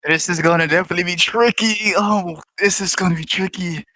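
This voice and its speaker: Bright-voiced woman tabletop player. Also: on the low side. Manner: chatty, stumbling restarts, quick laughs. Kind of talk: tabletop role-play chat.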